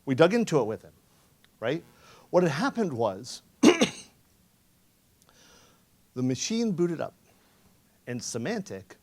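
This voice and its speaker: A man giving a conference talk, telling a story in a sarcastic, profane way and acting out the quoted lines. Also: on the high side. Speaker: conference speaker. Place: conference room.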